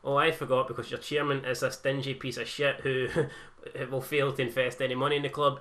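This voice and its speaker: A man's voice: medium pitch, fairly bright tone. A young Scottish man giving casual, blunt and sweary commentary over a football video game, sarcastic in tone. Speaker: gaming YouTuber.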